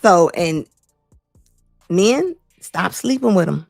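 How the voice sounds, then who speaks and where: A middle-aged woman hosting a talk show, giving blunt, animated opinion commentary and laughing often. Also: lowish voice, slow, gravelly, dry recording, clean studio sound, soft background music. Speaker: host.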